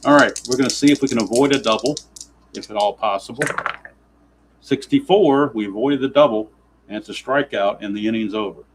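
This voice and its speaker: A man's voice: medium pitch, fairly quick, a little hiss or hum, poor audio. A man narrating a tabletop baseball simulation in play-by-play style, grumbling with sarcastic exasperation at the dice.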